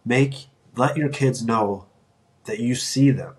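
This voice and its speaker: A man's voice: mid-range voice, slow pace. A middle-aged man hosting a solo podcast, talking earnestly and encouragingly, often restarting his sentences. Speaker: podcast host.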